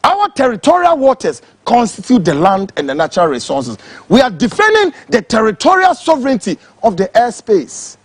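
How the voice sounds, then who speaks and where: A Ghanaian man delivers a furious political tirade, his high voice leaping up and down as he switches between English and Twi. The tone is a little husky and the sound is dry and close, with no room echo. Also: wildly swooping pitch, moderate pace, hardly any pauses. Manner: angry, shouting, mixing English and Twi. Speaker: political commentator. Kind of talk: impassioned political rant.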